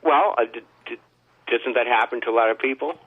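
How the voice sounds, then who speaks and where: A man telling a long rambling story in a casual chat, halting with many restarts and fillers. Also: medium pitch. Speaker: podcast host. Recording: tinny phone line.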